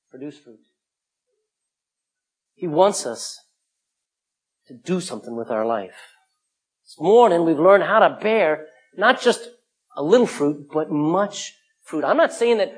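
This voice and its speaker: A middle-aged male pastor preaching a sermon, emphatic, swinging from loud calls to hushed asides. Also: a little high, expressive, slow, long pauses, slightly rough.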